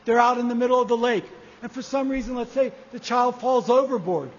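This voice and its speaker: High-voiced man preaching in an echoey hall. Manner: measured, repeating key phrases for emphasis. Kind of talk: sermon. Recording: echoey hall, dull lo-fi sound.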